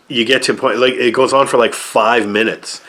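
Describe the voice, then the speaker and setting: A man's voice: mid-range voice, fairly even intonation, moderate pace, pushed and bright. A man giving a rambling, sarcastic review of an old movie, often exasperated and full of fillers.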